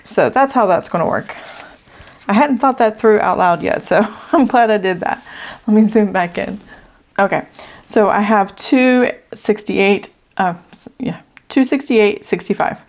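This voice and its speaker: A middle-aged woman hosting a budgeting channel, thinking aloud as she adds up figures, a little out of breath from allergies. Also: medium pitch. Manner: thinks aloud while adding numbers, with fillers. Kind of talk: casual budget walkthrough.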